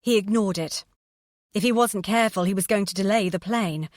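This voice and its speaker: A woman's voice: medium pitch, fairly quick, no echo. Woman reading a novel, dry close sound. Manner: steady, expressive storytelling. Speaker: audiobook narrator. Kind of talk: scripted narration.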